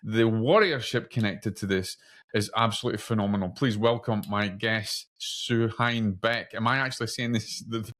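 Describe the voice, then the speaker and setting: A man's voice: lowish voice, fairly even intonation, moderate pace, a bit bright. A man with a Scottish accent hosting a podcast, building up his introduction with dramatic "imagine" appeals. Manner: dramatic rhetorical build-ups, repeated "imagine". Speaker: podcast host. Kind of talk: casual interview podcast.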